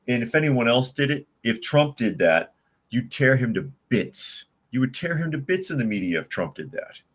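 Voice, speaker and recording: A man's voice: mid-range voice, very animated, moderate pace, a bit bright, husky. A man hosting a live news podcast, reading viewer chat and commenting with sarcastic indignation. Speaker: podcast host.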